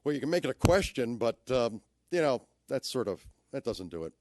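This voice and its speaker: A man's voice: mid-range voice, big pitch swings, a little fast, darkish tone, no echo, clean studio sound. A man giving a talk on audio description who playfully demonstrates inflection with theatrical shifts in emphasis. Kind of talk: lecture with spoken demonstrations.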